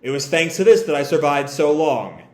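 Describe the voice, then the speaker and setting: A man's voice: a little high, expressive, normal speed. A man reading aloud the lines of a grave, ancient male dragon in a comic, in his own voice. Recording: echoey room.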